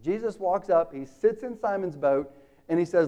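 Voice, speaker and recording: A man preaching a sermon, casual and animated, acting out the dialogue in the story. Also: high voice, normal speed, muffled recording.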